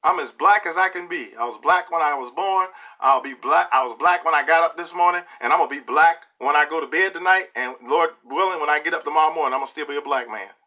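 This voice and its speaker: Forceful preachy middle-aged man. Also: fairly high pitch, fast, hardly any pauses. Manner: emphatic, preachy, keeps checking in with "okay?". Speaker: video blogger. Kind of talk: opinion monologue to camera.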